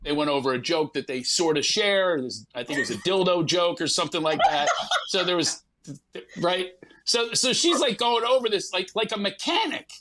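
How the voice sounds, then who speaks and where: A man tells a comic story with animated energy and acts out other people's lines as he goes. His voice sits high and sounds bright. There is a faint noise in the background. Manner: acts out quotes with profanity, rapid asides. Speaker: comedian guest.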